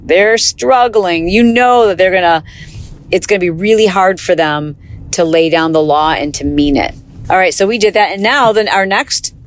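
A woman hosting her own show, telling a personal story in an earnest, conversational way, full of little fillers. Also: lowish voice. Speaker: host. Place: car.

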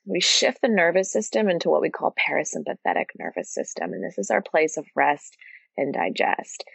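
Guest: earnest woman breathwork teacher, lower voice, dry close sound, open and expressive. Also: creaky, husky, no echo. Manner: earnest, open and expressive, speeds up and slows down for emphasis. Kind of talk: casual interview conversation.

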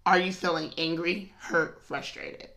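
A woman's voice: lowish voice, level tone, unhurried, a bit bright. A woman hosting a devotional podcast, chatting casually and animatedly, often breaking into laughter. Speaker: podcast host.

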